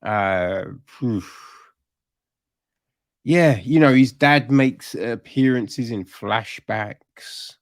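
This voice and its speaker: A man's voice: on the low side, smooth, no room sound, studio quality. A man hosting a podcast, reviewing a TV series in a rambling, casual way that turns into exasperated, swearing rants.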